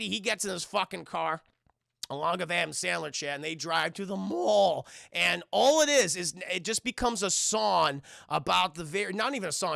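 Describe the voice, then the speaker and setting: A man's voice: high voice, creaky, sharp tone, no echo, clean studio sound. A man casually reviewing a film on a livestream, rambling, swearing and often addressing his chat.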